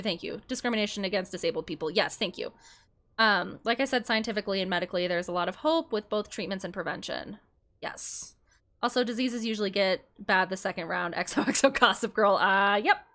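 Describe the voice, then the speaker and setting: Fired-up young woman ranting, bright voice. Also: medium pitch. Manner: heated, swearing, quick to anger. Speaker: streamer. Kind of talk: casual ranting chat while gaming.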